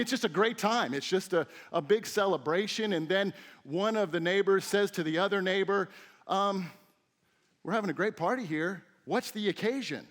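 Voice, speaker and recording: A middle-aged man preaching a sermon as a teaching pastor, telling stories with lively, acted-out quotes. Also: a little high. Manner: animated storytelling with acted-out quotes. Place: church sanctuary.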